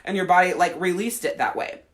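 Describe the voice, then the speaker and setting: A woman's voice: on the low side, a little fast, slight background noise. A woman life coach on a livestream, answering viewer comments, talking bluntly with heavy swearing. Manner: blunt and heavily profane, acting out quoted voices.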